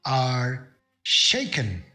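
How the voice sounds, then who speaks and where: A man's voice: mid-range voice, huge pitch swings, very slow, bright, forceful tone, faint music behind. A man narrating a tabletop game as game master, casual and sweary, with lots of fillers.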